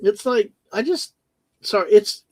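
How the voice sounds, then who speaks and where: A man's voice: high voice, animated, unhurried, warm tone, no room sound. A man co-hosting a casual livestream, rambling and joking as he reads the chat aloud. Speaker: livestream co-host.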